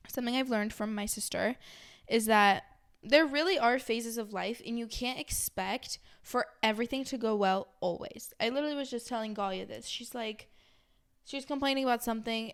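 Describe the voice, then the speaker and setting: A young woman vlogging to her followers in a chatty, rambling way, full of "like" and restarts. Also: fairly high pitch. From Los Angeles area. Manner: chatty, rambling, many fillers like "like". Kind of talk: casual chat to camera.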